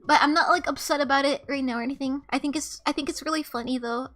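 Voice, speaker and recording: A young woman streamer casually telling a story to her chat, animated and swearing freely, often breaking into laughter. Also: sits high, fast talker, soft background music.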